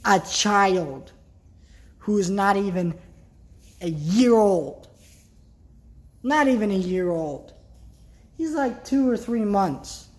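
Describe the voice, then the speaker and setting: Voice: medium pitch, lively intonation, takes it slowly, long pauses, a little mellow. An upset vlogger talks straight to the camera in a loose, casual rant. The delivery is worked up and blunt, with mild swearing. Thoughts trail off into heavy sighs.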